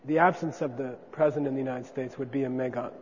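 A man's voice: mid-range voice, steady tone, quick pace, slight background noise. A man teaching a class, explaining ideas in a conversational way and often checking in with his listeners. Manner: conversational, checks in with frequent 'okay?'. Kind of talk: classroom lecture on Buddhist philosophy. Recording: dull lo-fi sound with long reverb.

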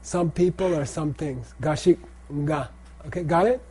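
A man's voice: fairly high pitch, moderate pace, a little mellow. A middle-aged man lecturing a class on Tibetan pronunciation and texts, who keeps checking in with the students. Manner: repeats phrases and checks in with "okay?". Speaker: teacher of Tibetan language and Buddhist texts.

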